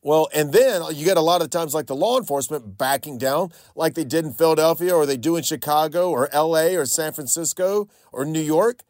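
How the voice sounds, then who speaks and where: A man's voice: on the high side, brisk, hardly any pauses, darkish tone, no room sound. Male radio host, middle-aged, from North Carolina; casual opinionated commentary, dry close studio mic. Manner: conversational, repeats himself, opinionated. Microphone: studio microphone.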